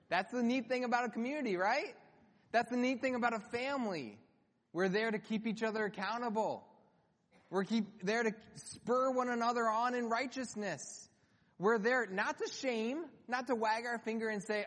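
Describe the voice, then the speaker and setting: A man's voice: high voice, moderate pace, a bit bright. A man preaching a sermon as pastor, in an earnest, conversational way with emphatic lifts, in a church sanctuary. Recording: long hall reverb.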